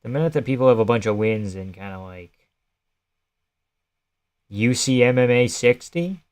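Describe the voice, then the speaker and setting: A man's voice: medium pitch, lively intonation, moderate pace, smooth. A young man on a casual live stream, chatting loosely and swearing while he reacts to fights and answers his chat.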